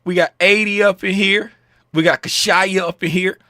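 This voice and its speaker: A man hosting a trading livestream in casual chat, joking around and shouting out viewers in chat by name. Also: high voice, fairly even intonation, moderate pace, no room sound, studio quality.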